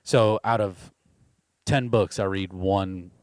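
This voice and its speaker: A man's voice: deep voice, fairly even intonation, takes it slowly, no echo, studio quality. A man hosting a podcast in casual chat, rambling and teasing with lots of fillers. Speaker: podcast host.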